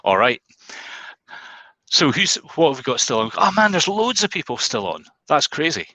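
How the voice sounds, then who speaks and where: A man's voice: a little high, sing-song, moderate pace, bright, forceful tone, no room sound, low-quality recording. A man hosting an online webinar, talking casually with lots of ums and restarts. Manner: rambling, many ums and restarts. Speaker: webinar host.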